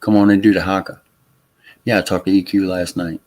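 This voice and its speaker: A man from Louisiana hosting a casual livestream chat, talking in a halting way with many fillers and restarts. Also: deep voice, flat delivery, a little mellow. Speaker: livestream host. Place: Texas home.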